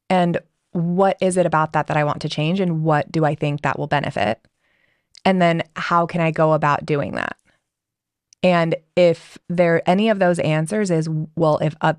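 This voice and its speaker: Woman guest on a podcast, lower register, talks things through with quoted examples, dry sound. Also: dry recording. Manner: reflective, explains with quoted dialogue examples. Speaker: guest, communication coach. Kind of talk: conversational podcast interview.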